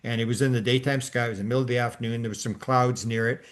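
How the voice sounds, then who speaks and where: A man's voice: medium pitch, steady tone, rapid-fire. An older man hosting a podcast, telling a long story in a casual, rambling way with many restarts and fillers. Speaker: podcast host.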